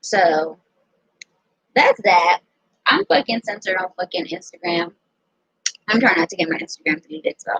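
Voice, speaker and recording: A young American woman telling a personal story in a casual, profane, animated way. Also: fairly low pitch, moderate pace, long pauses, slightly rough, no echo. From United States. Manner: profane, animated, quotes others in her own voice. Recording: dull lo-fi sound.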